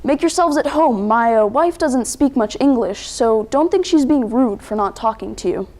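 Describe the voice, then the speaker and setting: A woman playing an impatient American father who loudly insists on English. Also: on the high side, expressive, normal speed, natural voice. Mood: polite, awkward. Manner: loud, insistent, exasperated.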